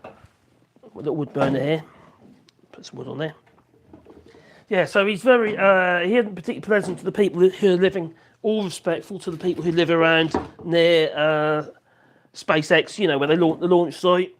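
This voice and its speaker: A man's voice: on the high side, normal speed, long pauses, slight background noise. A man chatting casually on a live stream from his home office, rambling and reacting to viewer comments. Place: home office room with wood burner.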